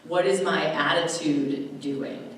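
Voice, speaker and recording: A low-pitched woman speaks in an easy, talkative way to a live audience, acting out little quoted voices as she goes. She is heard from a distance in a very echoey hall. A faint room hum sits behind her. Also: steady tone, slow. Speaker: dementia care presenter. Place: large room at a presentation.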